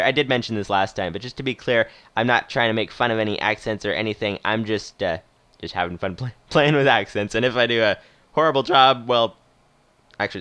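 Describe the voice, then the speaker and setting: A man's voice: mid-range voice, a bit bright, no echo. Man, casual game commentary, rambling and chatty, dry close sound. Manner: chatty, rambling, laughs often. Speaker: game streamer.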